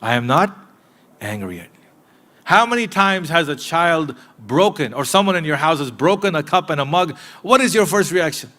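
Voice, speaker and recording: A man delivers a sermon in a mosque, his voice sitting a little higher than most men's. He talks straight to his listeners in an earnest, direct way, pressing some points hard and dropping others to a near hush. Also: expressive, normal speed, few pauses. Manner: earnest and direct, addressing listeners, swinging from emphatic to hushed. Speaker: mosque preacher. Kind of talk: sermon to a live congregation.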